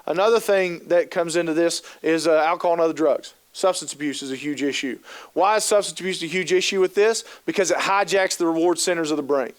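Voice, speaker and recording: A man with a high voice gives a conference talk at a training session. He tells stories with animation, acting out the inner voices of the people he describes and putting rhetorical questions to his audience. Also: fairly quick. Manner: animated storytelling, acts out quoted thoughts.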